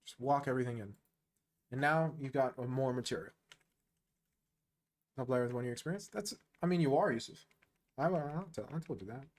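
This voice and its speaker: A man giving casual live chess commentary on a stream, with a voice of ordinary middle pitch. He is excitable and slangy and talks straight at the player as if coaching a friend.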